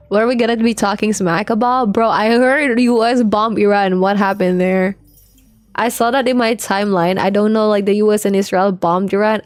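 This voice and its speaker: Chatty young Filipina streamer, dry sound. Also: female voice, mid-range voice, no room sound. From Philippines. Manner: loose and chatty, swears freely, heavy use of filler "like". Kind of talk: casual livestream chat while gaming.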